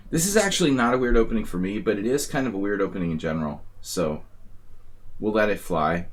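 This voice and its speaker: A man streaming live chess games and talking through his moves with wry, rambling, grumbling asides. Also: low-pitched. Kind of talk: live-stream commentary while playing.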